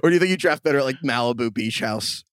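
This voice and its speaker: A man co-hosts a podcast in loose, casual chat. He talks fast and keeps spinning off into quick, jokey tangents, with a mid-pitched voice. The sound is dry and close, with no room around it. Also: lively intonation, clear, resonant tone, no echo. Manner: rapid, riffing, jokey tangents. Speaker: podcast co-host.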